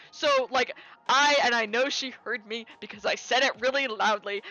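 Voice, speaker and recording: A young woman chats on a stream, spinning a rambling anecdote full of fillers and repeated words. Her voice sits a little high and sounds bright and crisp. The audio is slightly dull, with faint music playing underneath. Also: moderate pace. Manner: animated, rambling with many fillers and restarts, quoting people in raised voice. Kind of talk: casual chat, storytelling.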